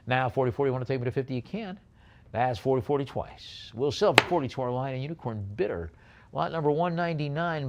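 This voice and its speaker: A man working as an auctioneer, calling bids briskly and adding chatty asides about each lot. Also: mid-range voice. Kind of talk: live auction bid calling.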